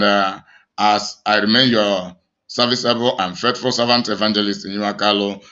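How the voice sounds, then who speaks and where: A man's voice: on the low side, sharp tone, highs cut off. A man with a Nigerian accent, an evangelist preaching emphatically to his online audience, with many restarts and fillers. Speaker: evangelist and channel host.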